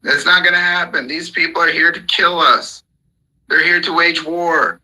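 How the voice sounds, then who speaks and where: Host of a live voice room, heated and profane, with a husky, sharp-edged tone. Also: male voice, on the high side, fairly even intonation, moderate pace, poor audio. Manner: heated, profane, repetitive ranting. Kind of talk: angry political rant. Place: call-in audio chat room.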